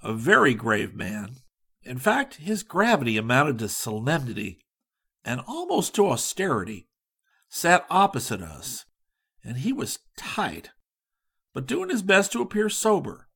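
A man narrating a humorous old travel tale in a mid-range voice. His reading is measured and steady, and his delivery stays dry and wry throughout. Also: medium pitch, gravelly, husky. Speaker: audiobook narrator. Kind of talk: scripted narration.

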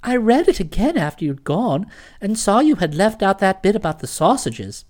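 A woman's voice: medium pitch, big pitch swings, moderate pace, darkish tone, voice pushed down, lightly acted. A woman voicing an impulsive young woman who earnestly owns up to a mistake in a storybook. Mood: confessing. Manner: earnest, apologetic.

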